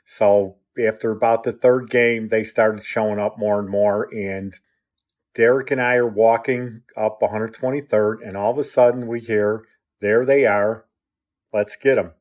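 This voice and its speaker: A man's voice: fairly low pitch, fairly even intonation, normal speed, darkish tone. A man telling a personal story in a conversational way, acting out quotes. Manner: conversational, acts out quotes with "I go, he goes".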